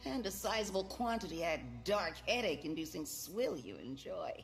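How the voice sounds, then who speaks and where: An actress playing a cool, businesslike female agent with a crisp, precise manner. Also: fairly low pitch, sing-song, normal speed, soft background music.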